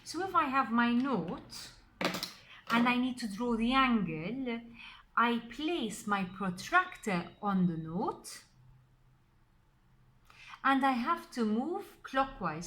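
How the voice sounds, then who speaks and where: Woman, maths teacher, step-by-step explaining, emphasises key words, unhurried. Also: fairly high pitch, very animated, bright, forceful tone. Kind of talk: recorded maths lesson explanation.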